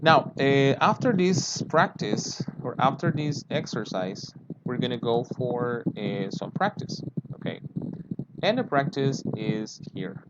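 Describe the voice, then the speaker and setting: A man leads an online English class at an unhurried pace, saying each word twice so learners catch it. His voice sits at an ordinary pitch and comes through a dull, muffled line. Noise hums clearly behind him. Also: very animated. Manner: patient, repeats words slowly and checks understanding with "okay?". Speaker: English teacher. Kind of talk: online language lesson.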